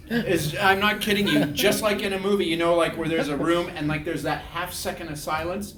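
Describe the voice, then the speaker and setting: Animated male storyteller in a roomy hall. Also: high voice, brisk, crowd noise. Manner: animated, acts out quotes loudly. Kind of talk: humorous storytelling talk. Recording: roomy, distant mic.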